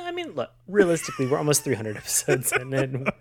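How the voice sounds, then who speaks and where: A man hosting a podcast in a casual, upbeat chat, talking with lively energy and the odd chuckle. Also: on the high side, fast talker, crowd noise. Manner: upbeat, animated delivery with chuckles. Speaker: podcast host.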